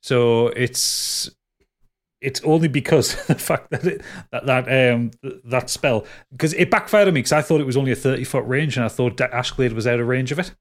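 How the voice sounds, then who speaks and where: A man who is both game master and podcast host wraps up the episode with a casual outro and plugs. In a mid-range voice at a moderate pace, he rambles, laughs, and swears casually.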